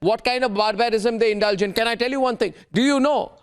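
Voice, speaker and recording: Fast, forceful Indian male news anchor. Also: extremely high pitch, clean tone. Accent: Indian English. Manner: forceful, interrupting, repeating questions. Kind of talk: heated TV debate.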